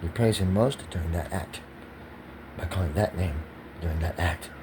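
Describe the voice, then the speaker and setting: A man's voice: deep voice, moderate pace, noisy background. A man talking in a rambling, profane monologue, swinging from whispers to agitated pressured speech. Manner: rambling, drops to whispers then rises to agitated shouting.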